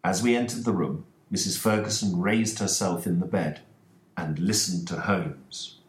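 A man narrating a story aloud in a slow, deliberate reading style. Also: low voice. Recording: roomy echoing recording.

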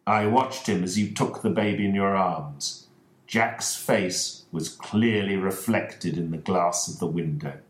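A calm, precise detective with a low voice and a slow, measured delivery, as read by a male narrator. His pitch moves expressively, and the recording sounds roomy and echoing. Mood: explaining. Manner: measured explaining.

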